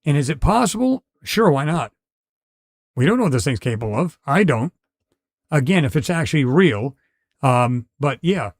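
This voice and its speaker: Man, middle-aged, live podcast host, rambling casual chat, slightly high voice, dry close sound. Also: sing-song, normal speed, no echo. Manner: rambling, conversational, many restarts and fillers. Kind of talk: casual live-stream chat reading viewer comments.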